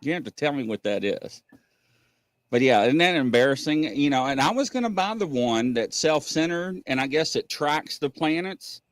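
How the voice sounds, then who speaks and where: A middle-aged man, hosting a casual live-stream chat and telling stories in an animated way. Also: fairly high pitch, moderate pace, dry recording, studio quality. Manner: animated storyteller, acts out voices. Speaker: host.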